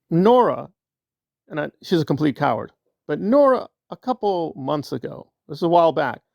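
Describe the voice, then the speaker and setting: Combative gravelly man ranting. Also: on the high side, no echo, clean studio sound. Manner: combative, repetitive, sarcastic. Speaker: online commentator. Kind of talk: ranting commentary.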